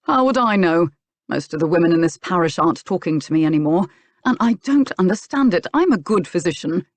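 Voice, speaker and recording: A woman voicing a stubborn, gruff young male physician in an audiobook, speaking bluntly. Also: high-pitched, lively intonation, brisk, no room sound. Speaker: village physician. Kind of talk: audiobook character dialogue.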